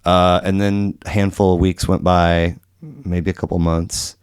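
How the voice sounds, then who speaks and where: Very deep-voiced middle-aged male podcast host. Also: little pitch movement, measured pace, clear, resonant tone, dry recording, studio quality. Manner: rambling, many restarts and fillers, acts out quotes. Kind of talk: casual conversational interview.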